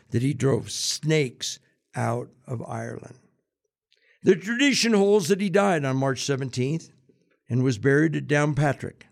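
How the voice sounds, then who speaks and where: A man's voice: a little high, vocal fry. A man hosting a radio segment, telling history and jokes in a chatty, jokey way. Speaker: radio host. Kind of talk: casual storytelling and joke-telling.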